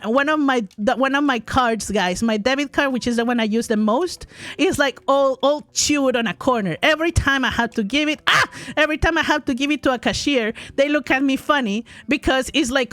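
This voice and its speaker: A woman in her forties telling a long story to her chat while gaming, animated and exaggerated, full of asides and repeated phrases. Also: sits high, no room sound. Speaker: streamer.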